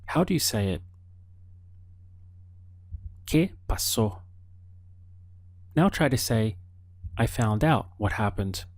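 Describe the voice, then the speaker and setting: A man teaching an audio language lesson, prompting the listener patiently and pausing for answers. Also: lowish voice, expressive, darkish tone, dry recording. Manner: slow, patient prompting with pauses for the learner.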